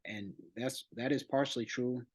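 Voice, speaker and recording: A man hosting a channel, reading an online article aloud and adding his own comments, unhurried, with frequent restarts and fillers. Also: medium pitch, steady tone, slightly rough, no echo, rough recording. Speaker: channel host.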